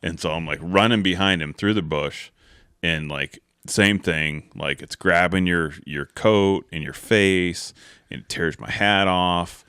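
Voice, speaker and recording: In a clean, echo-free studio recording, a man hosting a podcast spins a rambling hunting yarn, peppered with "like" and "right?" as he voices the characters. His voice is low and smooth with a sharp tone, and he speaks a little slowly.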